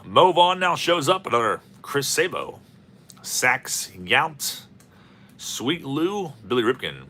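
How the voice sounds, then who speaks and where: A man's voice: mid-range voice, sing-song, slow, bright, forceful tone. A man hosting a card-opening video, rambling and joking as he calls out player names. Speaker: host of a card-opening channel. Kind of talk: casual commentary while opening packs.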